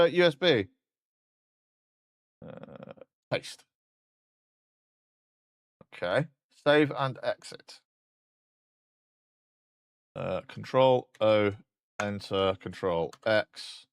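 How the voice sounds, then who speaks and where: A man's voice: fairly low pitch, clean tone, no room sound. A man streaming a casual chat, joking about himself and swearing now and then.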